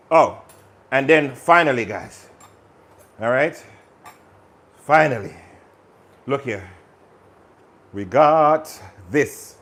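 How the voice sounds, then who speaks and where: A man's voice: medium pitch, expressive, very slow, pauses often, fairly bright tone. A man hosting a live cooking stream, chatting energetically and talking straight to his viewers. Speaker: cooking channel host.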